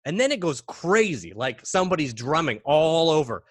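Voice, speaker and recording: A man from Canada, a podcast guest, telling a spooky story in a casual, animated way and acting out bangs and gasps. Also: a little high, moderate pace, no room sound, studio quality.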